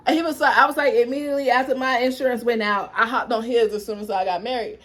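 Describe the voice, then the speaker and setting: A young adult woman telling a dramatic personal story to her viewers in a lively, animated way. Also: on the high side, fast. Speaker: vlogger. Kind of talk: storytime vlog.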